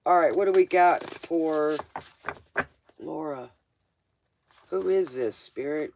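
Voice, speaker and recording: Man, fairly high voice, casual live tarot reading, slangy, jokey, chatty with viewers. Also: slow pace, vocal fry, background noise. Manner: casual, joking, talks straight to the viewer; loose slangy grammar. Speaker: tarot reader.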